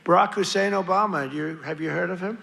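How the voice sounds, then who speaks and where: A man's voice: high-pitched, fairly quick, creaky, sharp tone. A man giving a political rally speech as president, boastful, repetitive and rambling. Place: outdoor or arena rally with a crowd. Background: faint crowd noise.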